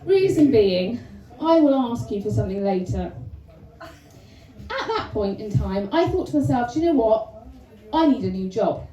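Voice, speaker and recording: High, lively woman doing stand-up. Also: normal speed, dull audio. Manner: chatty, self-mocking, lively delivery. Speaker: stand-up comedian. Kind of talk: stand-up comedy set. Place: comedy club stage. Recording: roomy venue sound, from a distance.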